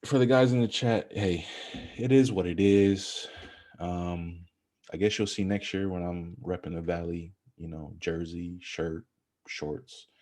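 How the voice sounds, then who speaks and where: A young man co-hosting a podcast, chatting about basketball in a casual, animated, rambling way. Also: low voice, unhurried. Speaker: podcast co-host. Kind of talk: casual sports chat.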